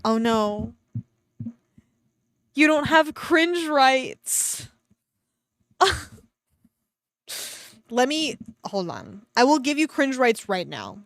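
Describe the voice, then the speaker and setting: A woman's voice: high voice, big pitch swings, extremely slow, long pauses, no room sound, clean studio sound. A woman streamer reading a fan story aloud with sarcastic commentary, swearing freely and laughing often, at a home desk mic.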